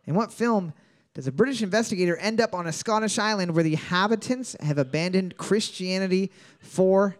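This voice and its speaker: A man's voice: high voice, a little fast. A man hosting a live trivia night at a bar, joking and reading each question twice. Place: bar venue with live audience.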